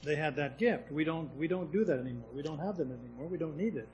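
A man's voice: fairly high pitch, quick pace, darkish tone, muffled recording. A man preaching a sermon, teaching from scripture in a conversational way, asking questions and often restarting his sentences.

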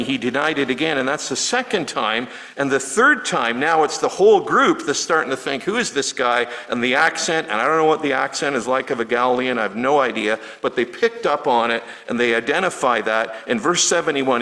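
A man's voice: mid-range voice, a bit bright, low-quality recording. A man preaching a sermon in a conversational way, often asking his listeners questions. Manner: conversational, asks the audience questions, many restarts. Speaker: pastor.

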